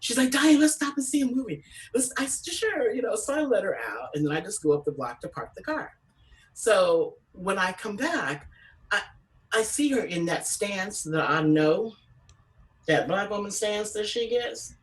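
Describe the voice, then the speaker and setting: A woman telling stand-up stories from California, animated and acting out voices with big pitch jumps. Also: a little slow, distant mic, rough recording. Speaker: comedian. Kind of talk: stand-up storytelling.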